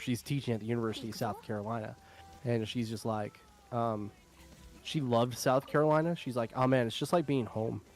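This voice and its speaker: A man's voice: fairly low pitch, darkish tone. A young adult man hosting a stream, talking in a loose, rambling way with lots of filler and frequent laughs. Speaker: streamer host. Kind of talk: casual chat.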